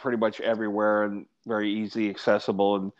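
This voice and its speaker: Male guest, halting casual talker, dull lo-fi audio. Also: on the low side, flat delivery. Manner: hesitant, repeats words. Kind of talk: casual conversation. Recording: dull lo-fi sound.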